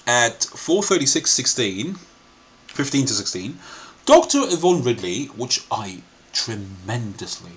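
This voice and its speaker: A man's voice: lowish voice, fairly bright tone. A man hosting a video reaction commentary, laughing often while he talks and mixing American and British accents. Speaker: channel host.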